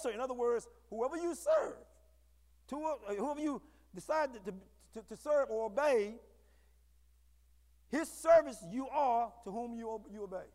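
High-voiced preaching man in an echoey hall. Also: animated, moderate pace. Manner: call-and-response preaching, rising to shouts. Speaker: pastor. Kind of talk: sermon. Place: church sanctuary.

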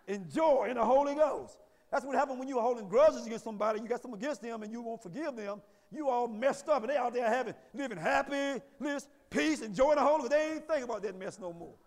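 A high-voiced man preaches a sermon, rising into shouted peaks and dropping into folksy asides. His voice rings through a church hall with a long reverb. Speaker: pastor. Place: church sanctuary.

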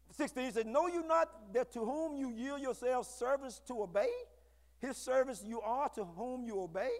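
A man preaching a sermon to his congregation, with call-and-response and bursts of shouting. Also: high voice. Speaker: pastor. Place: church sanctuary. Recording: echoey hall.

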